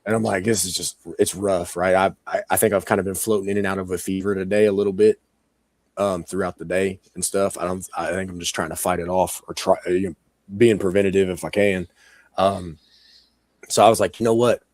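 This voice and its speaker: A man with a hoarse, sick voice, rambling casually as a co-host on a live-streamed talk show. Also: low-pitched, level tone, a little fast, a little mellow, no room sound. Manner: rambling, chatty, many "like" fillers and laughs. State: hoarse, sick with sore throat. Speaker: podcast co-host.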